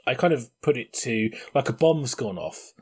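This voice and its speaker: A man hosting a casual gaming podcast, telling long rambling stories in an animated way, a little tipsy. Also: medium pitch, moderate pace, slightly rough. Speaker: podcast host. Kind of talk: casual chat.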